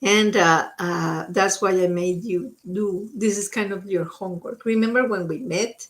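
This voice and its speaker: Speaking a little slowly in a mid-range voice, a woman gives live-stream psychic card readings. Her manner is that of a coach: she hands out advice, keeps asking "okay?" to check on the listener, and moves back and forth between English and Spanish.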